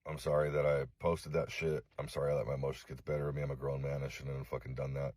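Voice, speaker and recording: A middle-aged man from Los Angeles making a direct-to-camera apology video, halting and remorseful, swearing often. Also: a bass voice, level tone, darkish tone, no room sound. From Los Angeles, USA. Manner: halting, remorseful, heavy swearing, frequent fillers. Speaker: vlogger.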